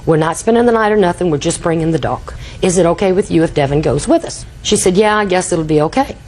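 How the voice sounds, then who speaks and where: A woman's voice: lowish voice, animated, fast, a little mellow, faint music behind, low-quality recording. An older woman testifying in a TV courtroom, telling a rambling story and acting out quoted dialogue. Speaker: litigant.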